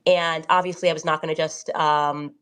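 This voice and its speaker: A woman's voice: sits low, flat delivery, normal speed, fairly bright tone, clean tone. A woman guest talking casually on a podcast, thinking aloud and hesitating with fillers as she works through her reasoning. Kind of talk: casual talk.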